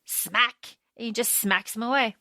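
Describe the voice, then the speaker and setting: Woman co-host, high and bright, lively plot recap, dry close-mic sound. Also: a little slow, no echo. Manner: animated retelling with acted-out quotes. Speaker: podcast co-host. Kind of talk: casual book discussion.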